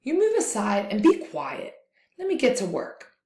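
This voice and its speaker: A woman's voice: mid-range voice, wildly swooping pitch, moderate pace, reverberant. A woman voicing a bold, stubborn male coyote who snaps out orders in a storybook tale. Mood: bossy. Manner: bossy, sharp commands.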